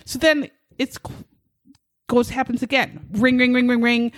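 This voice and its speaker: A woman's voice: on the high side, normal speed, no room sound. A woman co-hosting a casual chat, telling a story animatedly, acting out quotes and swearing freely. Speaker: podcast co-host.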